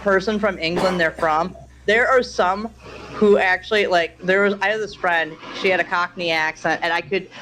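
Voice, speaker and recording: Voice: mid-range voice, fairly even intonation, moderate pace, bright, forceful tone, slight background noise, rough recording. A co-host of a casual history chat show who talks with many fillers and corrects themselves often. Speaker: podcast co-host.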